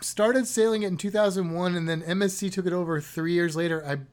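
A man's voice: sits high, fairly even intonation, fast, darkish tone. A man co-hosting a podcast, talking in a chatty, rambling, joking way. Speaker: podcast co-host. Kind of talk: casual podcast chat.

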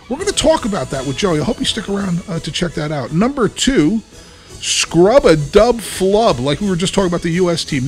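A man hosting a casual podcast, talking in an animated, joking way with lots of fillers. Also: high voice. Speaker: podcast host.

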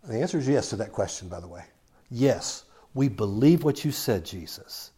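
A man preaches a sermon in a husky voice, his pitch swinging widely as he retells a Bible story. He acts out the quoted lines and talks the story through in a plain, conversational way. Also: expressive, normal speed, warm tone.

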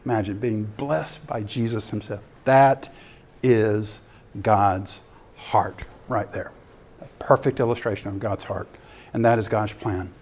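A man giving a sermon-style ministry talk as an animated storyteller who acts out scenes. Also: medium pitch. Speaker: ministry speaker.

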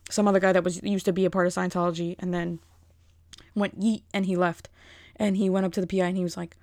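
A young woman telling stories in a rambling, animated vlog style, with frequent fillers. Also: lowish voice, quick pace, dry recording, studio quality. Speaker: vlogger. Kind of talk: casual storytelling.

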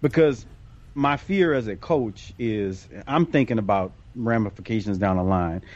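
A man's voice: lowish voice, a little slow, a little mellow, muffled recording. A man who coached youth sports, talking in a casual podcast discussion and often repeating and restarting his words.

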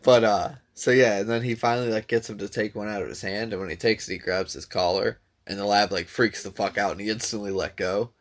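A man's voice: fairly low pitch, steady tone, a little fast, few pauses. A man casually telling a long story to a friend, laid-back, swearing freely and filling his talk with "dude" and "like".

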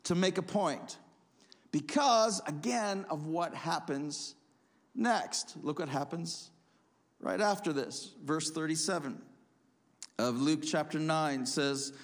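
A man preaching in a church, his voice sitting a little high for a man. He reads scripture aloud and then explains it, building to emphatic, animated peaks. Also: slow. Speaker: pastor. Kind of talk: sermon.

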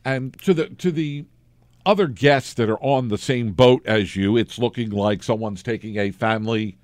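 A man interviewing a guest, asking long questions in a halting way and searching for words. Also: mid-range voice, darkish tone, no echo.

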